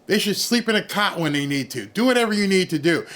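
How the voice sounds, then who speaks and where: A man's voice: high voice, animated, fast talker, fairly bright tone. A man, streaming an angry, sarcastic rant in reaction to news clips. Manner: angry, sarcastic, mocks others in put-on voices. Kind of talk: ranting reaction commentary.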